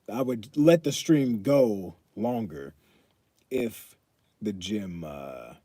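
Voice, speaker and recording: Husky, mellow-voiced young man streaming. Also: medium pitch, dry recording. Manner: loose and joking, reads chat aloud, swears casually. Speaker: fitness streamer. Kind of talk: casual live-stream chat.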